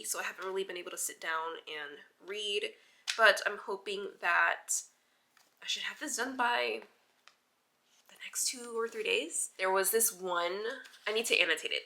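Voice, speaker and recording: A woman talking casually about her reading in a vlog. Her voice is bright and a little sharp, at a mid pitch for a woman. She is animated and informal, says "like" a lot and swears in passing. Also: moderate pace. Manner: chatty and animated, heavy use of "like". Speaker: book vlogger.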